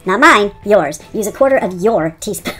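A woman's voice: medium pitch, animated, moderate pace, fairly bright tone, slightly rough, faint music behind. A middle-aged woman beauty vlogger clowning around in outtakes, giggly and self-mocking. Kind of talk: goofy outtakes chat.

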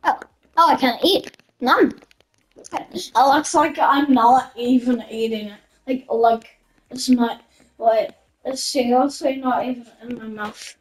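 A young woman giving chatty, giggly commentary while playing a video game, easily excited and laughing often. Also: fairly high pitch, takes it slowly, rough recording. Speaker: gamer. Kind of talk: casual gameplay commentary.

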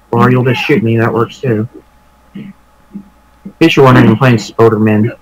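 A young man in casual gaming commentary with a medium-pitched voice. He rambles and jokes, dropping curses constantly. His talk is loose and unpolished. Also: fairly even intonation, moderate pace, pauses often, low-quality recording. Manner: swears a lot, joking, rambling. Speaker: let's play co-commentator.

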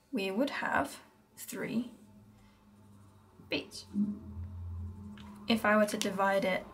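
A British woman teaching handpan rhythms, chatty and explanatory, who counts the beats out loud. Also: mid-range voice, creaky, slight background noise. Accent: British English. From Britain. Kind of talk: music lesson. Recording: music playing in background. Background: handpan music.

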